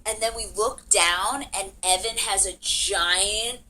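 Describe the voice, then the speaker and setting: Chatty young woman with a bright voice. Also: mid-range voice, takes it slowly, slight background noise, rough recording. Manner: chatty, giggly, lots of "like". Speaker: vlogger. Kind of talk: casual storytime.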